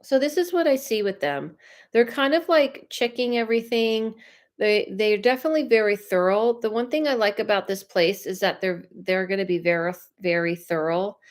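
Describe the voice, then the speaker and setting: Woman psychic medium, chatty livestream host, mid pitch, rambling and direct. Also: moderate pace. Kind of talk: casual livestream chat and readings.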